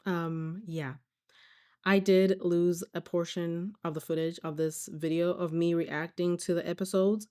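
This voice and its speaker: A woman's voice: on the low side, darkish tone, clean tone. A woman hosting a reaction commentary video, summarizing a clip for viewers in a wry, direct way. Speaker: YouTube commentary host.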